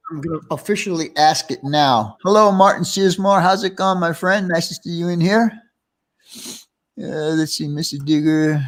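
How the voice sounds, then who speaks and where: A man's voice: a little high, normal speed. New York man hosting a chat show. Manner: reads out viewer comments, chatty, laughs easily. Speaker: live-stream host. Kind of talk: casual live-stream chat.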